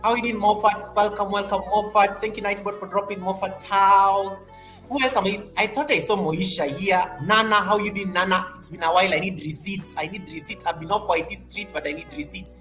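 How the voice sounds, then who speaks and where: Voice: mid-range voice, steady tone, brisk, a bit bright, faint music behind. A livestream host in casual chat, greeting viewers one by one in an upbeat, chatty way, often repeating phrases and laughing.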